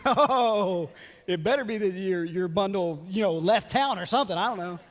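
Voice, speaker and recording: A young adult man preaching a sermon as pastor, animated and joking, often slipping into playful voices for quotes. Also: sits high, normal speed. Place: church hall. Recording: reverberant church hall.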